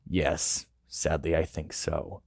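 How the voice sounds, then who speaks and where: A man voicing a gruff male wolf-like robot who speaks in a sad, subdued way. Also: extremely low pitch, flat delivery, takes it slowly, a little mellow, dry recording, clean studio sound, heavily acted.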